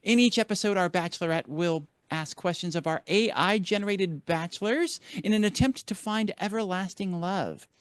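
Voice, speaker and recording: A man hosting a mock game show with showy announcer flair. His voice is high and smooth. The sound is dry and close. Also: moderate pace, hardly any pauses, no echo.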